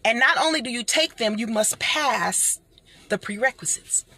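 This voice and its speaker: A middle-aged woman giving an animated motivational talk, speaking like a preacher and calling her listeners honey and y'all. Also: fairly high pitch, normal speed, breathy edge.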